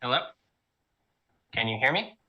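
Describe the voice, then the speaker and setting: A man's voice: medium pitch, expressive, unhurried, lo-fi sound. A man playing a tabletop game, talking casually and decisively, taking charge. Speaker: player. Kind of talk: in-character tabletop game talk.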